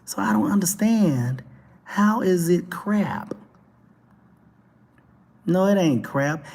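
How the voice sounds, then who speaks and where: A Texan man hosting a talk show, delivering an animated, preachy monologue with mocking asides. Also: high voice, slow, creaky, pauses often, slightly rough, in a large hall. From Texas. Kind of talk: opinionated monologue.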